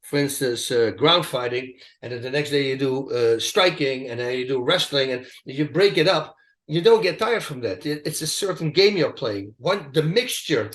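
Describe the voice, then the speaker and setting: A man in an interview, telling stories in a lively, emphatic, casual way. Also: mid-range voice, normal speed. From Netherlands. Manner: animated, emphatic storytelling with asides. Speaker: interview guest, retired fighter. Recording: echoey room.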